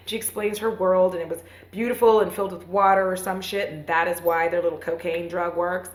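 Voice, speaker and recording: A woman's voice: mid-range voice, fairly even intonation, normal speed. A woman hosting a comedic movie recap, rambling and profane with lots of fillers and self-mocking asides. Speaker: host. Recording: roomy echo.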